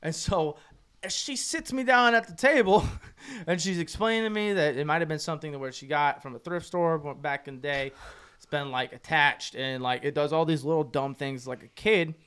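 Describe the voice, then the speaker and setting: A man telling a story in casual podcast chat, swearing freely and loudly acting out what people said. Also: a little high, a little fast, smooth. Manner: animated, swearing, acts out quotes loudly. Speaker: podcast co-host.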